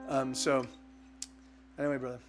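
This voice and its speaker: A man musician on a live stream, talking haltingly between songs, choked up and full of restarts. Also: mid-range voice, little pitch movement. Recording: guitar music behind.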